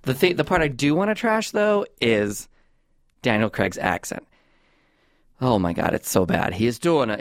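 Brief: male comedy podcast host, mid-pitched, rambling and chatty, dry close mic. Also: a little slow, no echo. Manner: chatty, rambling, animated with restarts. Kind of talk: casual comedic chat.

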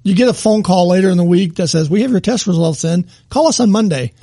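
A man's voice: sits high, fast talker, mellow, a little hiss or hum. A man co-hosting a casual chat show, asking rambling questions and restarting his sentences often. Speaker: podcast co-host.

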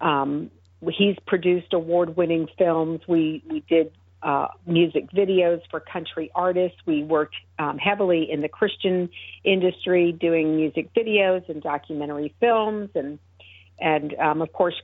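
A woman's voice: low-pitched, fairly even intonation, unhurried, breathy edge, dry recording. A middle-aged woman, a guest on a radio show, earnestly telling a personal faith story with frequent fillers and restarts over the phone. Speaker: guest, founder of an advocacy group. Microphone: telephone. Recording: tinny, dry phone line.

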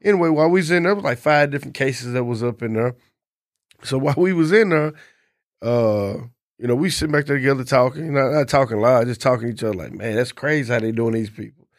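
A man's voice: mid-range voice, fast talker, dry recording, clean studio sound. A man, co-hosting a casual chat and telling a long personal story in a laid-back, profane way. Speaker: podcast co-host.

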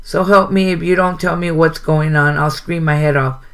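A man's voice: on the high side, fairly even intonation, moderate pace, creaky, a bit bright, clean tone. A man reading a scared, furious heroine. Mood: angry. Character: frightened angry young businesswoman heroine.

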